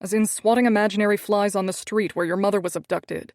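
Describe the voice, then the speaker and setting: A woman's voice: medium pitch, fairly even intonation, fast, darkish tone, no room sound, studio quality, lightly acted. Woman voicing a grumpy, commanding man. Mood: brooding. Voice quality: raspy. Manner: curt, commanding. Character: grumpy, controlling young man, low raspy voice.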